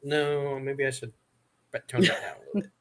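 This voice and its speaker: Channel host: man, hesitant, casual talk full of restarts, mid pitch. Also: flat delivery, a little fast, a crowd in the background. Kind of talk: casual chat.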